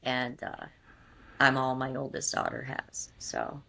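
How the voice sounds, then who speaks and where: A woman's voice: a bass voice, level tone, slow, bright, forceful tone. A woman guest on an interview, telling her story in a rambling, casual way with many fillers and restarts.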